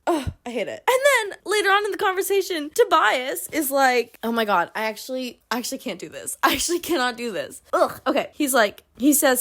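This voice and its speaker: A woman's voice: sits high, big pitch swings, fairly quick, hardly any pauses, a bit bright. A young woman hosting a casual book recap, retelling the story with sarcastic, exasperated asides and lots of "like". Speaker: book review host.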